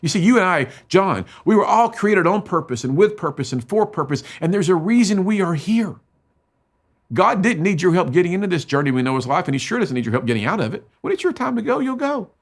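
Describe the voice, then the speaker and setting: A middle-aged man giving an emotional storytelling talk to students as a motivational speaker, swinging between loud emphatic bursts and hushed low lines. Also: expressive, a little fast.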